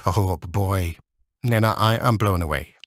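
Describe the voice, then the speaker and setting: A man casually walking viewers through a software demo, enthusiastic and chatty, with plenty of fillers. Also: sits low, measured pace, no echo. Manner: enthusiastic, explains step by step with many fillers. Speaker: tech vlogger.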